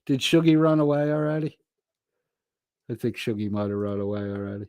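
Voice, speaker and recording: Reading viewer chat aloud on a casual livestream, a man mocks and swears, alternating loud jeers with low mutters. He talks briskly, and the audio is clean studio sound with no room noise.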